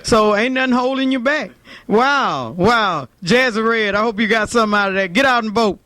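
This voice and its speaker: High-voiced male show host, excited and repetitive, dry sound. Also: normal speed, dry recording. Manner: excited, repeats himself. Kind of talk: casual chat.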